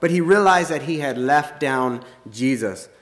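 A man preaching a sermon in an earnest, plain-spoken way, often pausing and restarting his sentences. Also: medium pitch, animated. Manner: halting, many restarts and fillers.

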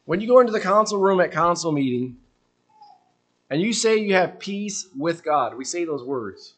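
A man's voice: on the high side, expressive, moderate pace. Earnest man preaching a sermon. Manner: earnest questioning, dropping soft at phrase ends.

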